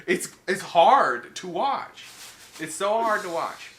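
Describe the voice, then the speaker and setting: Bright-voiced man swearing through a story. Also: high voice, slow pace. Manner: profane, animated storytelling. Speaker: podcast co-host. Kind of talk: casual chat about horror movies. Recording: echoey room with faint noise.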